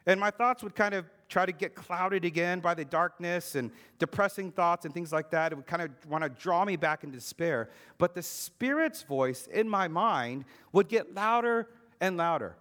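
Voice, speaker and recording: Earnest higher-voiced male preacher. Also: fairly bright tone. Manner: earnest, emphatic, slows and drops low on key words. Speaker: pastor. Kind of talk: sermon with personal testimony.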